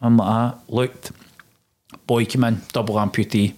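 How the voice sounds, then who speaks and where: A young Scottish man with a fairly low voice talks through his experiences as a former soldier. His delivery is plain and low-key, and he tells events in long, steady runs. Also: normal speed. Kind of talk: casual interview storytelling.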